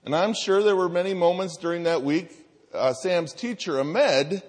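A man in his thirties preaching, telling a family story in a lively way and acting out the voices of the people in it. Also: high-pitched, moderate pace. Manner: animated storytelling, acts out voices. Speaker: pastor. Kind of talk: sermon with personal story. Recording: reverberant hall.

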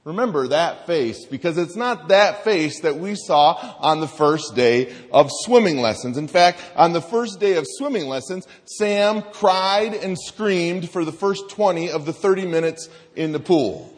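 Man, 30s, pastor, animated storyteller; higher voice, wide pitch swings, recorded in a large reverberant hall. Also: a little slow, few pauses. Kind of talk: sermon with personal story.

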